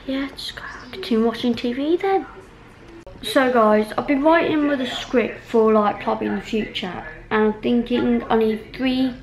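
A woman's voice: a little high, rough recording. A woman chatting at home in a casual, rambling vlog, full of ums and restarts. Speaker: vlogger.

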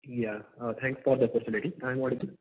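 Male analyst caller, halting and repetitive, very muffled voice on a speakerphone line. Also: medium pitch, fairly even intonation, husky. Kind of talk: earnings call question.

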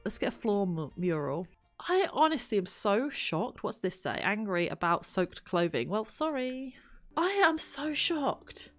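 A woman giving chatty let's play commentary, thinking aloud and exclaiming at what happens in the game. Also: medium pitch. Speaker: gaming channel host.

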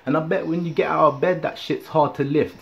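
A man with a slightly husky, somewhat high voice performing a battle rap verse. He mocks and trash-talks his rival bluntly. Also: steady tone, fairly quick, a bit bright, lo-fi sound. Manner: mocking trash talk. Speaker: battle rapper.

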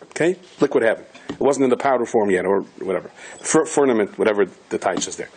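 A man, a rabbi, giving a Torah lecture with animated storytelling, acting out the voices of the people he quotes. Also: lowish voice, quick pace, slightly rough. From Hasidic community in the United States.

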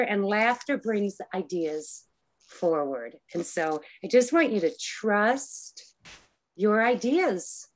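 A woman leading an online improv class over a video call, explaining game rules patiently and encouragingly. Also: mid-range voice. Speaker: improv workshop leader.

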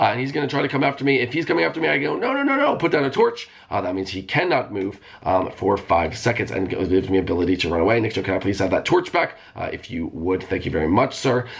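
A man hosting a gaming video, giving excitable live commentary that jumps into squeals and shouts. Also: low voice, gravelly. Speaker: gaming channel host.

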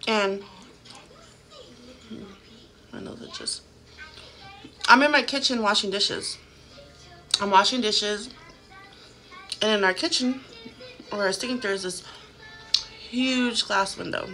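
A woman's voice: mid-range voice, slow pace, pauses often, bright, forceful tone, soft background music. A woman in her thirties telling a haunting story to a phone camera at home, casual and chatty, full of "like" fillers. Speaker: vlogger.

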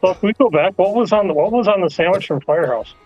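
A man's voice: high voice, lively intonation, fast, a little mellow, highs cut off, faint music behind. A man in a casual group chat, asking curious questions.

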